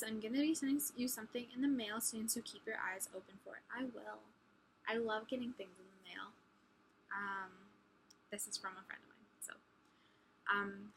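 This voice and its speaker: A young woman in a college dorm room, chatting casually while she answers viewer questions, with lots of ums and frequent drops to a hushed near-whisper. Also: mid-range voice, slight background noise, low-quality recording. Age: young adult. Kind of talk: casual chat.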